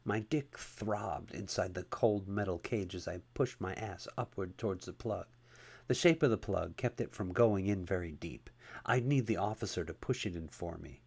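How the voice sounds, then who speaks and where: Male narrator, low gravelly voice, steady first-person storytelling. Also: normal speed.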